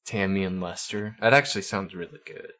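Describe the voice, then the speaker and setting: Halting man hosting a casual stream. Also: low-pitched, fairly bright tone. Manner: halting, often repeats words. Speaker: livestream host. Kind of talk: casual chat with viewers.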